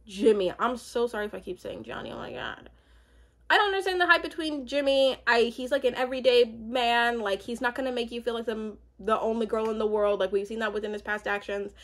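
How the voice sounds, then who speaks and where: Young woman rambling thru a show recap, lots of likes and ums, a bit high voiced. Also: fairly quick, few pauses. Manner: chatty, rambling, lots of fillers and asides. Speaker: reality show recap host. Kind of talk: casual chat.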